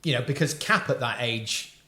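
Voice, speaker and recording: A man's voice: medium pitch, moderate pace, sharp tone. A man co-hosting a casual podcast chat, talking at length about plot details. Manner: chatty, recaps plots at length. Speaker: podcast co-host. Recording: roomy echo.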